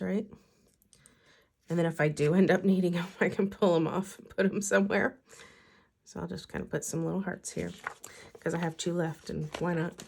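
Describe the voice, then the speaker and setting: Low, gravelly-voiced woman chatting. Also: darkish tone. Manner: chatty, talks to herself as she works. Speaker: planner vlogger and teacher. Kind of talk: casual chat while decorating a planner.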